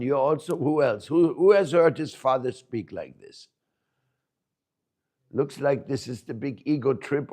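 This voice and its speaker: A man's voice: mid-range voice, darkish tone. A man teaching a spiritual lesson to a live group in a room. He questions his listeners, jokes, and stresses key words. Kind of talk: devotional lecture to a live group. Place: room with a small audience.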